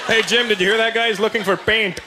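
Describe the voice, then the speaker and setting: Brief: comedian does a mocking hardware clerk, raised pitch, noisy live stage. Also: male voice, fairly even intonation, fast talker, lightly acted. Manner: snickering, mocking.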